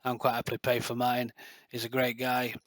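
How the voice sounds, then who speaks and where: A middle-aged man who builds light guns and makes videos rambles casually to camera, full of fillers and passionate boasting. His pitch stays level and flat, and he talks fairly quickly. The recording is close and dry, with no room sound.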